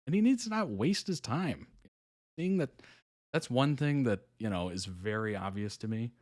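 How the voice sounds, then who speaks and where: A man speaking in a mid-range voice at a moderate pace hosts a live reaction stream. His manner is relaxed and conversational; he reads out what viewers write and laughs often between remarks, his speech sprinkled with soft laughs and fillers.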